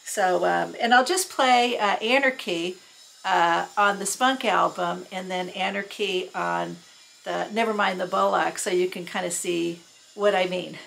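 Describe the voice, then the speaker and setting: A woman's voice: fairly even intonation, a little slow, creaky, a bit bright, rough recording. A woman in her sixties chatting casually in her tiki room at home, rambling and fond, with lots of fillers and restarts. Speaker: record collector. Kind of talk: casual chat. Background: record playing low on a stereo.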